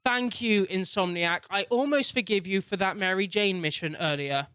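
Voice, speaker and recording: A man doing excitable, sweary gameplay commentary and narration, laughing often. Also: high-pitched, normal speed, smooth, dry recording, clean studio sound. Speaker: gaming YouTuber.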